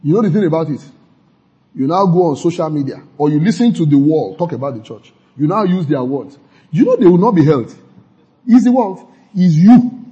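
In a dull, lo-fi recording, a preacher's warm, breathy voice rises and drops dramatically as he gives his sermon. He acts out bits of quoted gossip and keeps repeating lines to drive his points home.

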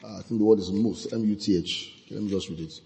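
A man's voice: fairly low pitch, a little fast, vocal fry. A man preaching and teaching from the Bible, quoting scripture, with frequent laughter in his delivery. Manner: lively, laughing often, quotes scripture. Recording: long hall reverb.

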